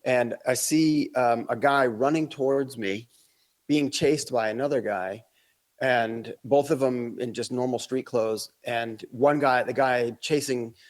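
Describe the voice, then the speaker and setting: A man's voice: medium pitch, measured pace. A man, a podcast guest, telling a long travel anecdote in casual conversation, rambling with fillers and acting out quotes. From Australia. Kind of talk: casual storytelling.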